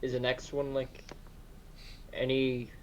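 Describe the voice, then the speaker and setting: A man's voice: mid-range voice, monotone, slow, a little mellow, highs cut off, slight background noise. Curious man in casual chat. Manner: curious, asks questions. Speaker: friend on stream.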